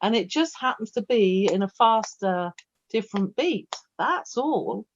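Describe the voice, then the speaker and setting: A woman's voice: mid-range voice, measured pace, a little hiss or hum. A woman, a featured poet talking through a Q&A in a chatty, rambling way. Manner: chatty, rambling, animated storyteller. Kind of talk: casual Q&A talk about performing poetry. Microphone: video call. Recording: dull lo-fi video call audio.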